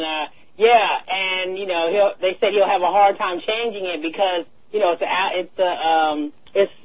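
Husky, animated woman on talk radio. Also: medium pitch. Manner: animated, laughing, slangy. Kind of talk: casual political chat. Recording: dull lo-fi radio sound.

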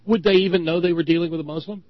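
A man co-hosting a talk show, talking in a sarcastic, ranting way with many halting restarts. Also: on the high side, fairly even intonation, no room sound, lo-fi sound. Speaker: podcast co-host. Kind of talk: casual opinion talk.

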